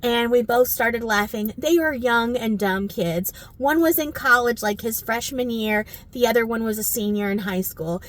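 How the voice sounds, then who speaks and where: Lady spinning a story, bright high voice, laughs and acts out the quotes. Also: moderate pace, few pauses. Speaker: storyteller, restaurant owner. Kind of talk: casual storytelling to camera.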